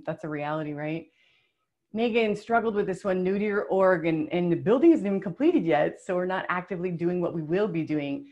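A woman's voice: on the low side, darkish tone, lo-fi sound. A woman presenting a live online workshop, reading out participants' answers in an upbeat, emotional, chatty way over a video call. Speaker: webinar presenter.

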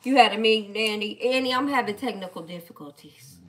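A woman chatting casually on a live stream, playful and animated as she talks back to her viewers. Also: medium pitch, brisk, a little hiss or hum. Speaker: live-stream host reading viewer comments.

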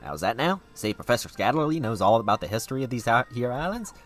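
A man's voice: mid-range voice, big pitch swings, quick pace, soft background music, voice pushed up, lightly acted. A man voicing an earnest, folksy middle-aged cowboy with a put-on Southern US drawl and homespun turns of phrase, over a game.

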